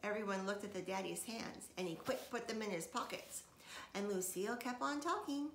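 A woman reading a children's chapter book aloud with expressive storytelling. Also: mid-range voice, moderate pace. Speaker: reader. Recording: echoey room, faint noise.

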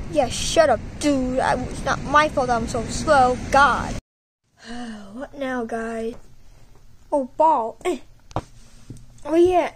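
A woman acting out a plush toy skit, voicing several characters in excitable, playful banter full of slang. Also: high voice, a little hiss or hum. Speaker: plush toy video maker. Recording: music playing under the voice.

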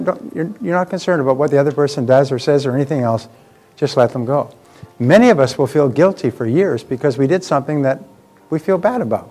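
A man's voice: a little high, darkish tone. A man giving a live motivational seminar talk, emphatic and repeating key phrases for effect.

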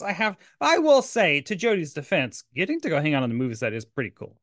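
A man co-hosting a podcast in casual chat, animated and playful, slipping into silly voices now and then. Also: on the high side, fairly quick, hardly any pauses, no echo, studio quality. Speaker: podcast co-host. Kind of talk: casual chat about an old TV show.

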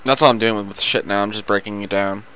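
A gaming commentator with a fairly low voice and fairly even intonation talks fast, his tone sharp yet clean despite the rough recording. He keeps up a casual, profane stream of chat while playing a video game with a friend.

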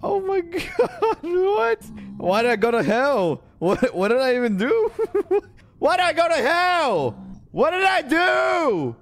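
Excitable young man streaming a game. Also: very high voice, slow pace. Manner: excitable, swears a lot, shouts suddenly. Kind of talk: casual gaming livestream.

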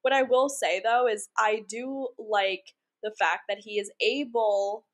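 A woman's voice: mid-range voice, steady tone, unhurried, fairly bright tone. A young woman co-hosting a podcast in casual chat, talking in a chatty way with lots of fillers. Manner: chatty, frequent "like", laughs easily. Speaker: podcast co-host.

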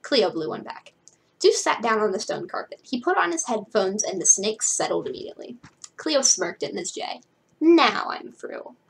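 Young woman, husky voice, casual book reader with wry side comments, pitches up for character lines. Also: very animated, low-quality recording. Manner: chatty, wry, quick to laugh at the book; drops to a hushed voice now and then. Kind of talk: reading a novel aloud with asides.

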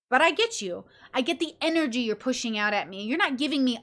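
Animated, high-voiced woman podcaster. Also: fast talker, hardly any pauses. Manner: animated, acts out quoted friends, swears casually. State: tired. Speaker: podcast host. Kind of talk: casual podcast monologue.

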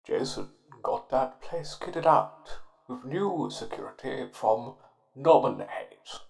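A man's voice: medium pitch, wildly swooping pitch, takes it slowly, darkish tone, full character voice. A man playing a foul-mouthed character whose voice sounds posh, in a fan audio drama. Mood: wry. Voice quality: gravelly posh drawl.

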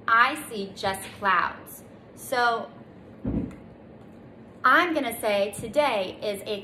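Preschool teacher, woman, slow and sing-song, higher voice, echoey room. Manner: slow, gentle, sing-song, stretches sounds. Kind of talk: children's circle time lesson. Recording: echoey room, faint noise.

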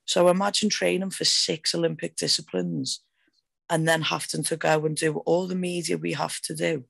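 A woman fighter on a radio talk show, telling her stories in a rambling, animated way with lots of fillers. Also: low voice, normal speed, gravelly, slightly rough, no echo. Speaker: MMA fighter guest. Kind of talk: excited casual storytelling.

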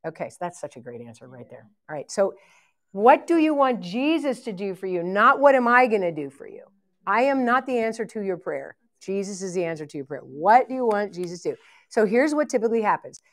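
A woman's voice: medium pitch, sing-song, a little fast. A woman leading a live ministry training session, blunt and joking as she teaches. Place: church event hall.

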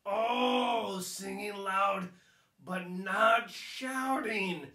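A woman voicing an excitable young male lion who loves being loud, who roars and talks slowly and boomingly. The voice sounds roomy and a little distant from the mic. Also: vocal fry, exaggerated voice. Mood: excited. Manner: roaring, slow and booming.

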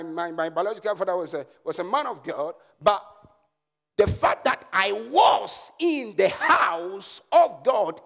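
A man's voice: sits high, creaky, a bit bright. A man with a Ghanaian English accent preaching a sermon as pastor and prophet, leading the congregation in call-and-response. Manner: slow, emphatic preaching with repetitions.

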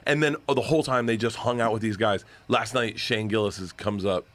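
Excitable rambling man telling stories. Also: on the low side, brisk, slight background noise. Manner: excitable, rambling storyteller, laughs and swears a lot. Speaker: podcast guest comedian. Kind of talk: storytelling in casual chat.

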